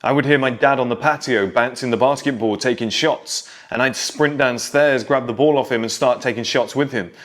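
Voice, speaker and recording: A man's voice: mid-range voice, moderate pace, few pauses, a bit bright. A man in his thirties talking straight to young men, telling nostalgic stories from his childhood in a casual monologue. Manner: storytelling, nostalgic, direct address to young men. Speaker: self-improvement creator.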